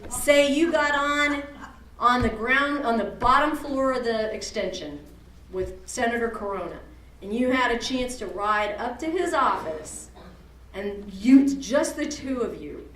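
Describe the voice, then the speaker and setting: A woman leading an advocacy workshop, quizzing her audience and making joking asides in a lively talk. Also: a little high, measured pace, a little hiss or hum. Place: meeting room at a church event. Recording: roomy hall, from far off.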